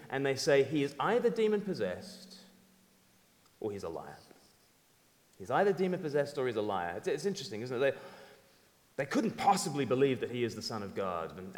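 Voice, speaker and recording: A man preaching a sermon in a lively, conversational way, asking the audience questions. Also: on the high side. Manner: animated, conversational, audience-engaging. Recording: reverberant hall.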